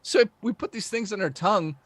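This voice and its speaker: Casting note: Canadian man, higher-pitched, animated storyteller, swears freely, dry close mic. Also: a little fast, slightly rough, dry recording. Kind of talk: casual livestream chat.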